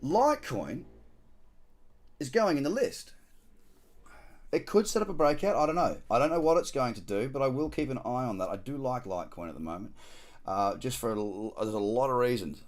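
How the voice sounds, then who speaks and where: A man's voice: mid-range voice, animated, moderate pace. An Australian man hosting a live trading stream, talking casually and slangily as he walks through charts and cracks dad jokes. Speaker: trader hosting a live market scan.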